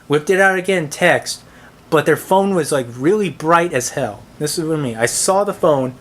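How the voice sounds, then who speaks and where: On camera, a male movie reviewer rants about a movie-theater night gone wrong, his voice on the high side, animated and fairly bright. He swears often and sounds thoroughly exasperated. His complaint rambles in a halting way, full of restarts, filler words and "like."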